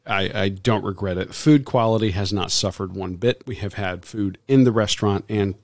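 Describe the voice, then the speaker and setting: Man, lowish voice, dry close sound, easygoing podcast co-host. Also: normal speed, no echo. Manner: easygoing, agreeable, repeats words. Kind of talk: casual food chat.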